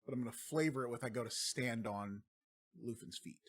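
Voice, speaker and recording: A man's voice: medium pitch, fairly quick, breathy edge. A man playing in a tabletop game, talking casually about his moves. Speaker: player.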